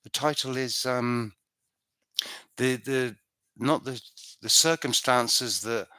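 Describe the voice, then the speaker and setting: A man's voice: mid-range voice, takes it slowly, bright, forceful tone, no room sound, clean studio sound. A man from the United Kingdom answering viewer questions in a casual live stream at home, chatty and rambling, often restarting his sentences.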